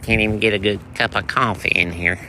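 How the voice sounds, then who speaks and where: A man's voice: fairly low pitch, steady tone, fairly quick, bright, forceful tone, a little hiss or hum, pitched below the performer's own voice. A man doing an impression of a grumpy old bluegrass musician, grumbling and complaining.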